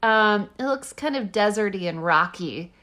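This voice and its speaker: Bright-voiced chatty woman podcaster. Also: mid-range voice, expressive, normal speed. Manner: chatty, giggly, rambling with fillers. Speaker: podcast co-host. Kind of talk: casual chat.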